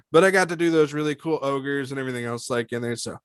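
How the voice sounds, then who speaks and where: A man being interviewed about his voice work, talking in a lively, animated way, laughing often and slipping into character voices. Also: medium pitch, normal speed, long pauses, clean tone, no room sound, studio quality. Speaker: voice actor guest. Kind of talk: casual interview chat.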